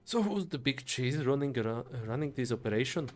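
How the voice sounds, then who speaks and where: A man's voice: mid-range voice, animated, fairly quick, a little mellow, close to an everyday voice. A man reading the lines of a friendly, curious dwarf engineer in a near-natural voice. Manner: reading game dialogue aloud.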